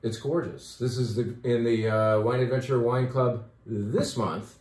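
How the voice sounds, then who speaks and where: A man's voice: mid-range voice, steady tone, measured pace, a little mellow. Upbeat guy rambling about wines in his shop, kinda echoey. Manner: chatty, enthusiastic, with fillers. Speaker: wine shop owner presenting wines. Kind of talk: casual wine talk video. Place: wine shop.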